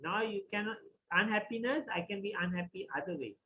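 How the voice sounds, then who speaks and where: A man's voice: high-pitched, a little fast, pushed and bright, a little hiss or hum, low-quality recording. A man voicing a desperate, grieving king who pleads and protests. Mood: pleading. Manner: pleading, indignant.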